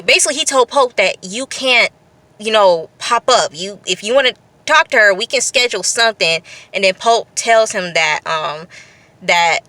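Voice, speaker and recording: A woman talking through a TV episode in an unscripted casual recap, expressive and repetitive, laughing at times. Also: medium pitch, dry recording. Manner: expressive, repeats phrases, breaks into laughs. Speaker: TV review vlogger.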